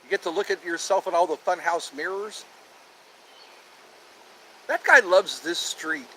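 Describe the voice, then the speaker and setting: A man's voice: fairly high pitch, sharp tone, slight background noise. A man hosting his own show in a playful, rambling monologue, goofing around between topics. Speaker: host.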